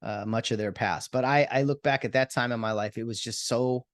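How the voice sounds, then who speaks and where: A man's voice: medium pitch, steady tone, brisk, dry recording, clean studio sound. A man in his thirties hosting his own podcast, talking in an earnest, rambling way with many restarts. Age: 30s. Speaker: podcast host. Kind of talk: casual solo podcast monologue.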